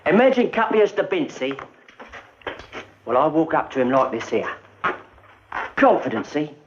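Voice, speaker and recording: A cocky army corporal. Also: male voice, on the high side, big pitch swings, normal speed. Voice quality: cocky, with slangy talk. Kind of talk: 1950s British film comedy acting. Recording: dull old film soundtrack with hiss.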